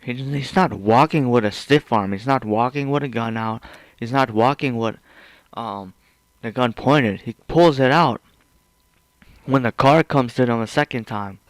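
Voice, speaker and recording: A man's voice: medium pitch, normal speed, dry recording. A man giving blunt, sarcastic commentary over a video, swearing freely. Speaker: reaction video host.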